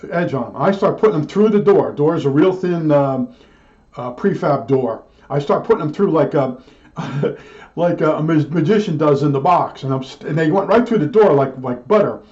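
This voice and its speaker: A man's voice: a little high, animated, normal speed, darkish tone. Older guy rambling thru an old work story, lots of restarts, kinda muffled lo-fi sound. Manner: chatty, digressive, many restarts and asides. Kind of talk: rambling personal anecdote.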